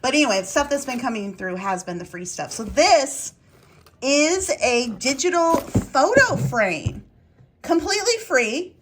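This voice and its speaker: A woman's voice: high voice, sing-song, measured pace, a bit bright, slight background noise. Chatty, rambling woman vlogger. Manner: rambling, chatty, thinking aloud. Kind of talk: casual home vlog chat. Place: home kitchen.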